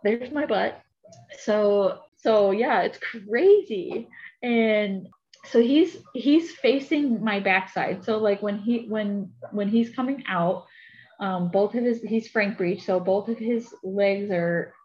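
A woman's voice: medium pitch, slow pace. Chatty woman telling her story. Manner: chatty, animated, many fillers. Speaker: podcast guest. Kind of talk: casual storytelling. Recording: dull lo-fi audio.

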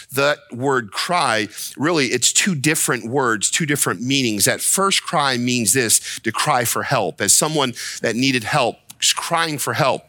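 A man's voice: mid-range voice, a little slow, pushed and bright, no echo. A man preaching a sermon as a pastor, impassioned, repeating himself and rising to pleading cries. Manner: repeats words and restarts when worked up.

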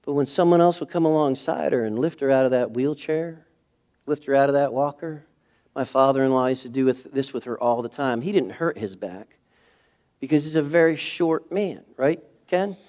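Man preaching an animated sermon. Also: mid-range voice, moderate pace. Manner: animated storytelling, acting out scenes with sudden shifts in loudness. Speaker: pastor. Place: church sanctuary.

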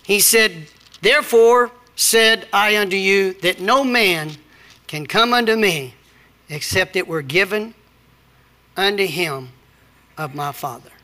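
A man's voice: sits high, slow, long pauses, pushed and bright. A middle-aged man, preaching a sermon with scripture readings and personal stories. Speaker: pastor.

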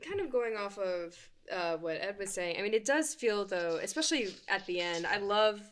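A woman's voice: medium pitch, expressive, normal speed, smooth. A woman talking casually on a discussion panel about a play, enthusiastic and often restarting her thoughts.

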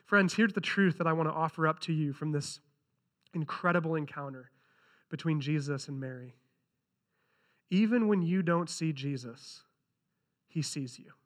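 A man's voice: a little high, moderate pace, long pauses, a bit bright. A man preaching a sermon who reads scripture aloud and earnestly repeats key lines for emphasis. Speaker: pastor.

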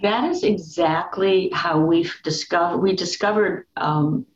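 A woman with a somewhat low voice talks through her cartoon book in an interview. She tells stories and acts out quoted lines, often restarting mid-sentence. The recording is dull and lo-fi, with a roomy echo around her. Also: unhurried. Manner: animated storyteller who acts out quotes, with many restarts. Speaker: author and cartoonist guest. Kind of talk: interview conversation.

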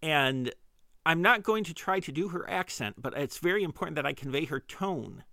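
Rambling middle-aged man, bright dry voice. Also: a little high, lively intonation, normal speed, vocal fry, no echo. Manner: rambling, self-deprecating, frequent restarts. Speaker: podcast host. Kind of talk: casual comedic monologue.

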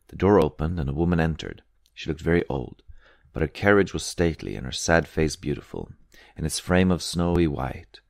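A man narrates an audiobook with a measured, even delivery. His voice is very deep. The recording is dry and close, with no room echo. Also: vocal fry.

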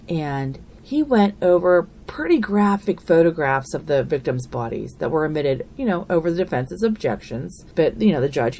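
A woman's voice: fairly low pitch, darkish tone, a little hiss or hum. A woman hosting a true crime podcast, walking through a trial in an earnest, opinionated, conversational way. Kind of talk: narrated podcast commentary.

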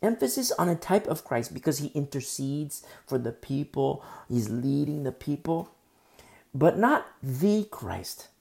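A man's voice: fairly high pitch, very animated, unhurried, creaky, darkish tone. A man preaching a sermon, teaching through a Bible passage and repeating key phrases for emphasis. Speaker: pastor.

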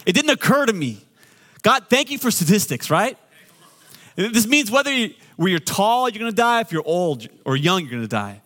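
A middle-aged man, a pastor, preaching a sermon with joking asides, swinging between loud and quiet. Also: high voice, sing-song, moderate pace.

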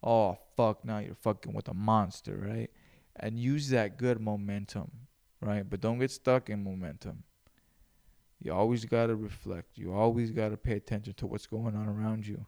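A man's voice: lowish voice, steady tone, moderate pace, gravelly, a little mellow. Male solo podcast host, casual, swears constantly, rambles. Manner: profane, rambling, loose.

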